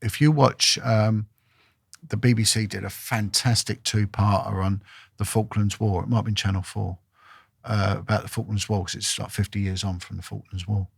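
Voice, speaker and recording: Man, low voice, gravelly, dry close sound, blunt and emphatic storytelling. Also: little pitch movement, moderate pace, no echo. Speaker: podcast guest, former vice detective. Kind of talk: storytelling in a podcast interview.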